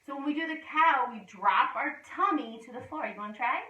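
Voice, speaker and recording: A woman leads a children's gymnastics class with a fairly high, bright voice and cheerful, sing-song cues. Her voice carries through a roomy, echoing gym and is picked up from some distance away. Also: lively intonation, fairly quick. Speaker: gymnastics instructor. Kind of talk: demonstrating a kids' gymnastics class. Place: indoor gym.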